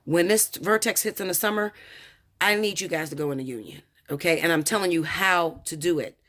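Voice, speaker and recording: A woman's voice: on the low side, brisk, a bit bright. Blunt, profane American woman reader. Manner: blunt, profane, emphatic, repeats "okay?". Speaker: tarot reader. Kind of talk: casual personal storytelling to viewers.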